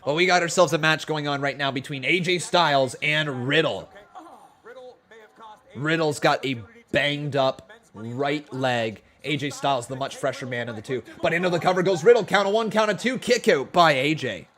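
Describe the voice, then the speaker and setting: A man hosting a live wrestling watch-along stream, talking in a jokey, excitable, self-mocking way from a home setup. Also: fairly high pitch, moderate pace. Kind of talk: live-stream reaction commentary.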